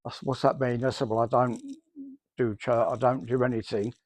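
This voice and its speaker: A man's voice: medium pitch, flat delivery, brisk, a little mellow. Rambling man telling his testimony. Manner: rambling storyteller, acts out quoted dialogue. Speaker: church member giving testimony. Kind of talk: spoken personal testimony.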